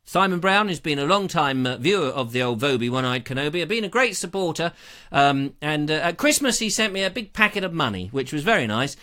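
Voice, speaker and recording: A chatty man hosts a live show, wandering off into jokes and self-deprecating asides. His voice is bright and fairly high, with a lively rise and fall. It is picked up close on a lapel mic. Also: fairly quick. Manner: jokey, rambling, self-deprecating. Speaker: host of a live online show. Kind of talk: casual rambling live-stream chat.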